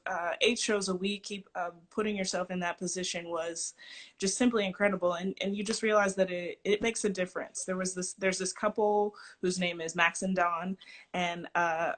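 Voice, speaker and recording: Actress guest, eager and reflective, slightly out of breath, video-call sound. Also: female voice, fairly low pitch, fairly bright tone. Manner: enthusiastic, reflective, slightly winded. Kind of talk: casual video-call interview.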